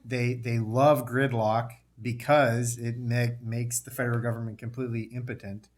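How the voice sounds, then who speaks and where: Relaxed man musing on a panel. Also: medium pitch, moderate pace. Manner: relaxed, thinking aloud with fillers. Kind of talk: casual panel chat.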